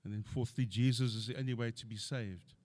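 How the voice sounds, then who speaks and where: A man's voice: medium pitch, steady tone, a little fast, a little mellow. A middle-aged man preaching a sermon, earnestly quoting scripture and building to emphatic points.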